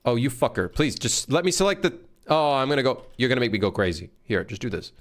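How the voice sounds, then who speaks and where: Male streamer, casual, lively up-and-down delivery, frustrated swearing while building. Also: mid-range voice, fast talker. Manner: frustrated muttering and swearing at the software. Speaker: game developer streamer. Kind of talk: casual live-stream commentary while working.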